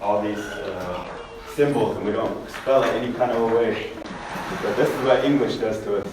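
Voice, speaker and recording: A man's voice: fairly low pitch, moderate pace. A man co-teaching a language class, explaining casually to the students. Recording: echoey classroom from far off with background noise.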